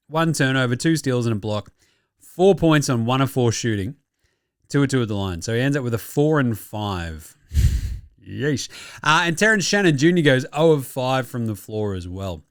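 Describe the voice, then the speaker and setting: An Australian man hosting a casual basketball recap, animated and sweary. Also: medium pitch, normal speed, clear, resonant tone, no room sound, studio quality. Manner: animated, sweary, mock-outraged banter. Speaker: podcast host.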